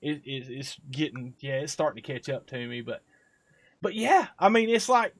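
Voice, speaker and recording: A man's voice: medium pitch, very animated, moderate pace. A man, hosting a live stream in casual, rambling chat full of fillers and laughs.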